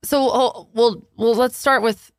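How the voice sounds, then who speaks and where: A young woman co-hosting a podcast, telling stories in animated casual chat and swearing freely. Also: a little high, unhurried, dry recording, studio quality. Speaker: podcast co-host.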